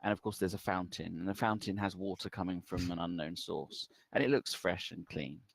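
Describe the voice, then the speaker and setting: A man narrating as the game master of a tabletop game, relaxed and full of ums. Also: low voice, fairly quick, creaky, no echo.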